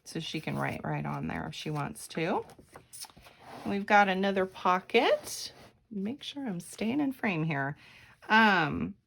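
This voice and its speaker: Woman craft vlogger, slow and chatty, low gravelly voice, faint hiss behind. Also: expressive, fairly bright tone. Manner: chatty, meandering, frequent ums and self-corrections. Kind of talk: casual craft flip-through.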